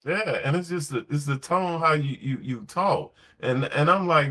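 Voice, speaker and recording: A man's voice: on the high side, moderate pace, pushed and bright. Blunt, slangy man on a podcast. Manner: blunt, slangy, emphatic storytelling. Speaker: podcast host. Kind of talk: casual late-night podcast talk.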